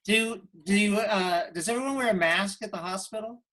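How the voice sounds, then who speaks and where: A man hosting a video call interview, laughing often and asking halting questions. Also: high voice, crowd noise. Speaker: host.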